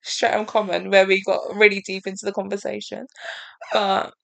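Giggly woman with a gravelly voice. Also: medium pitch, flat delivery, moderate pace, no echo. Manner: giggly, laughs through her stories. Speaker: podcast co-host. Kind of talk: casual chat.

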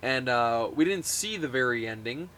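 Bright-voiced man, playful podcast chat. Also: medium pitch, animated, moderate pace. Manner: playful, breaks into loud impressions. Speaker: podcast co-host. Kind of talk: casual wrestling chat.

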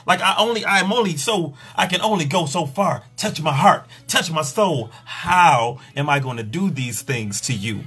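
A man, a pleasure coach, in an exasperated, profane comedic rant in a husky voice. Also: fairly high pitch, fairly bright tone.

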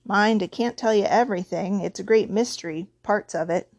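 Hagrid, as a woman reads him, gruff and rough-spoken. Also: mid-range voice, normal speed, a little mellow, no echo, studio quality, natural voice. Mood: anxious. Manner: rough dialect, dropped endings. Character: huge gruff male gamekeeper, big-hearted.

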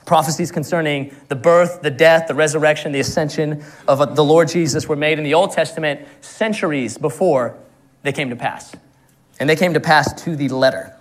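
A young man preaching a sermon, earnest and often laughing at his own stories. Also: fairly high pitch.

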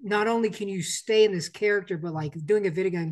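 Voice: medium pitch, fast talker, few pauses. A podcast host asks questions in casual interview chat, often restarting sentences.

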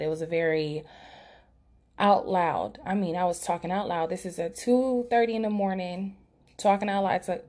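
Outside noise comes through an open window as a young podcast host records from a room that isn't her usual setup. Her voice is a little low and mellow, and she tells a personal story candidly and with emotion, often using fillers and correcting herself.

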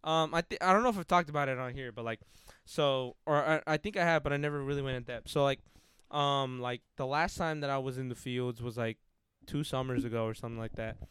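A man's voice: medium pitch, fairly quick, fairly bright tone, clear, resonant tone, dry recording, clean studio sound. A young man telling a rambling story in casual podcast chat, swearing freely and packing in 'like' and 'bro'.

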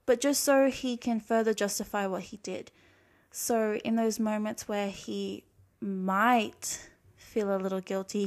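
A woman's voice: mid-range voice, a little mellow. Young Australian woman, confessional storytime host, earnest and reflective, mid-range voice. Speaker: podcast host.

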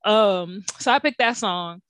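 A young woman co-hosting a casual chat, telling stories with lots of swearing and big swings in pitch. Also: measured pace, clear, resonant tone, no echo, studio quality. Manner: profane, animated storytelling with big pitch swings. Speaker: podcast co-host.

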